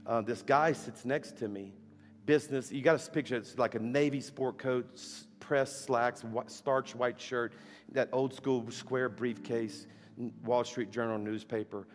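A guest preacher tells stories in a church sanctuary sermon, speaking animatedly, firing off rhetorical questions, and laughing at his own tales. His voice is medium-pitched, steady, and unhurried. The hall is echoey, with faint music.

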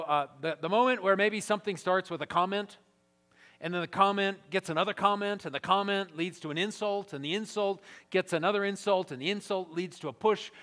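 A man's voice: sits high, fairly bright tone. Emphatic pastor man preaching a sermon. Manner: emphatic, repetitive build-ups with rising force. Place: large church gathering hall.

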